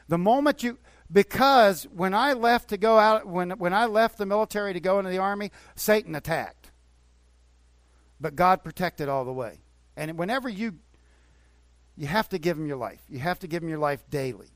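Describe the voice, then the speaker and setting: A man's voice: high-pitched, lively intonation, fairly quick, no room sound. Earnest preaching man, dry close sound. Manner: earnest, conversational preaching with repeated phrases. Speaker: pastor. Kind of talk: sermon. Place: church.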